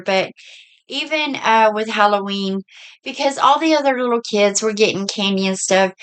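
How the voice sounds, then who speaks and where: A middle-aged woman with a Southern US accent, a bit hoarse, chatting in a folksy way through a casual haul video. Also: medium pitch, fairly bright tone. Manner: chatty, folksy, says y'all. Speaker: vlogger.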